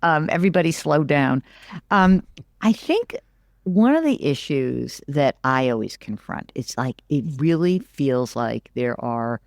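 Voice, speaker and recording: A middle-aged woman, a business analyst, talking through the economy in an animated, emphatic way as an interview guest, often repeating words for stress. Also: rumbling low, slow pace, no room sound, studio quality. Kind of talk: conversational interview.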